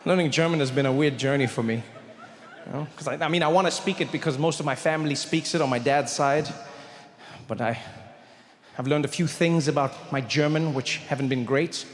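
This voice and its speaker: A man telling a story in stand-up, animated and acting out every character on a live comedy stage. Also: on the high side, slight background noise. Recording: echoey hall, live venue.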